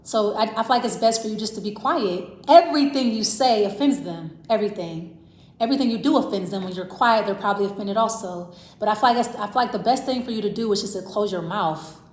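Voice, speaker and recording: A woman's voice: medium pitch, quick pace, a little mellow. Rambling woman tarot reader, roomy echo. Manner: rambling, repeats "I feel like", talks straight to the viewer. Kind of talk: casual tarot reading to camera.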